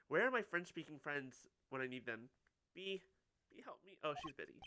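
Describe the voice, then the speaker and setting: A man giving casual, chatty let's-play commentary and reacting excitedly to his chat. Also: a little high, moderate pace. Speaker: streamer playing a game. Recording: clear background noise.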